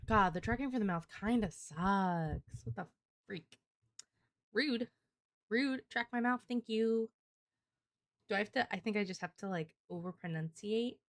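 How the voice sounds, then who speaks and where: A young adult woman live streamer chats casually with her viewers in a medium-pitched voice, unhurried and with long pauses. She rambles and swears, leaning heavily on "like" as a filler, and there's no room sound.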